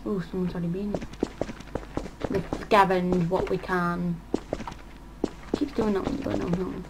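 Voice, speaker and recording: A woman rambles through casual gameplay commentary, thinking aloud and trailing off mid-sentence. She talks at an unhurried, drawn-out pace. Noise hisses clearly under the recording. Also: on the low side, flat delivery. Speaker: gaming channel host. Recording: audible background noise.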